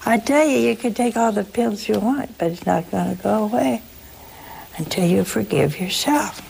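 Woman, gravelly voice, folksy sermon-style talk, emphatic, slow stresses, mid pitch. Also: a little mellow, a little hiss or hum.

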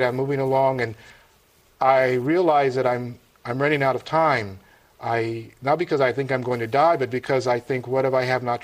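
An older man telling a personal conversion story in an earnest, halting way, with many restarts and soft trailing asides. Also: mid-range voice.

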